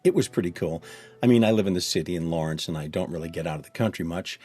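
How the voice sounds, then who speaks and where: A man's voice: deep voice, fast, darkish tone, slightly rough. A man reading aloud a first-person children's story in a chatty, kid-like storytelling voice. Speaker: narrator.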